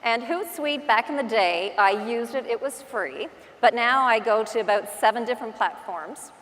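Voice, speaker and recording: A woman with a Newfoundland accent talks to a large conference crowd in a chatty, self-deprecating way, telling stories as she goes. Her voice sits fairly high. The stage mic picks up a long reverb from the big hall. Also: normal speed, a bit bright. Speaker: real estate agent giving a conference talk. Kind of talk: conference keynote talk.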